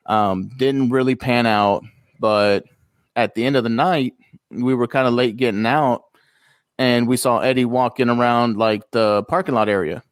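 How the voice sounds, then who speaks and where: A man chats on a podcast in an easy, storytelling way. His voice sits in a middle pitch and the sound is dry and close, with no room around it. He livens up whenever he acts out what someone else said. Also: moderate pace, smooth, dry recording. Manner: storytelling, animated when quoting others. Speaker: podcast co-host. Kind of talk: casual podcast chat.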